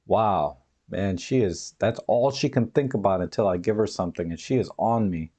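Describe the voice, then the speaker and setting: A chatty man hosts a live stream from his home, reading out viewer comments and rambling between them. His voice sits a little low and sounds dark and mellow. He laughs often and wanders loosely from one thought to the next. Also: expressive, normal speed, few pauses. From United States. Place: home, dog nearby.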